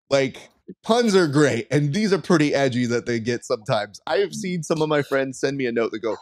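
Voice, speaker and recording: A man's voice: on the high side, expressive, moderate pace, no room sound, studio quality. A man hosting a podcast, joking and playful, with a mock-formal edge to his teasing. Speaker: podcast host. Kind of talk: casual podcast interview.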